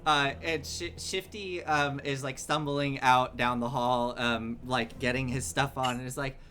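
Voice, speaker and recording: Bright-voiced, animated game master. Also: mid-range voice, measured pace, a little hiss or hum. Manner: animated, laughs often, lots of fillers. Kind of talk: narrating a tabletop game.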